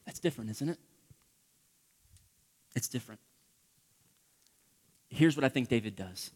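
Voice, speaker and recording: A man preaching a sermon as pastor, impassioned, acting out prayers and dropping from loud pleading to hushed whispers. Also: mid-range voice, animated, unhurried, husky, big-room sound.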